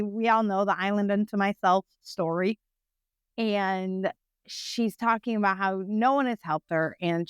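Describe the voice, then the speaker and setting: A woman, a nonprofit founder, telling her personal story to an interviewer in a frank, animated way, often checking in with "right?". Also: mid-range voice, clear, resonant tone, no room sound.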